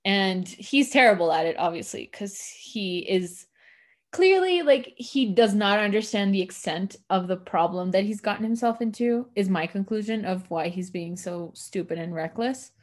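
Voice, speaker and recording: A woman co-hosts a podcast, casually recapping a TV episode with plenty of "like" fillers and acting out the characters' lines. Her medium-pitched voice is expressive and moves at normal speed.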